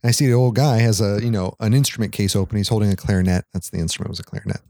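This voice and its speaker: A man's voice: lowish voice, rapid-fire, mellow, no echo, studio quality. A man co-hosting a podcast, telling a rambling story in casual chat, laughing often and swearing offhandedly. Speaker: podcast co-host.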